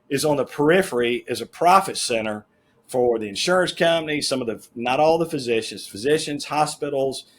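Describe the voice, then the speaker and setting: Husky, emphatic middle-aged man. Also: medium pitch. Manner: emphatic, folksy, plain-spoken. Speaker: podcast guest, managing partner of a health-plan firm. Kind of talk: casual interview storytelling.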